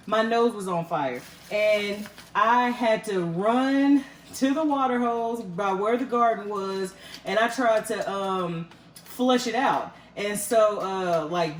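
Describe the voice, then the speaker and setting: A woman's voice: medium pitch, a little slow, distant mic. A woman, chatting through a home cooking demonstration in a folksy, storytelling way full of fillers. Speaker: cooking vlogger. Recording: roomy echo, mic set back, faint room noise.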